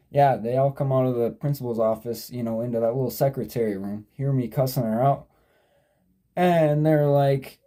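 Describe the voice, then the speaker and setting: Dark-voiced young man rambling through a story. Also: mid-range voice. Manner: digressive, profane, sidetracks and self-corrects. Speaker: vlogger.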